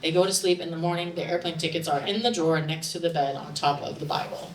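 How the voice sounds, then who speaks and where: Animated woman telling a story on stage. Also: low voice, fast. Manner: animated, grows loud and excited in the retelling. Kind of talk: live storytelling to an audience. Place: stage in a bar, audience present. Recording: roomy live recording from a distance, faint room noise.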